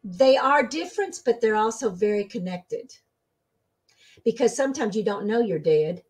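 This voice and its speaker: A woman being interviewed as a spiritual medium, telling stories in a casual, animated way and acting out the voices she quotes. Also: normal speed, breathy edge. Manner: animated, acts out quoted voices with sudden pitch jumps. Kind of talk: casual storytelling.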